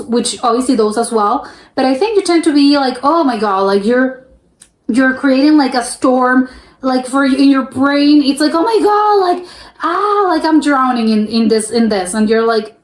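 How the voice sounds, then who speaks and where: A young adult woman from the United States hosts a reaction video, thinking out loud in casual commentary full of fillers and restarts. Her voice is on the high side with a darkish tone, and the recording sounds roomy.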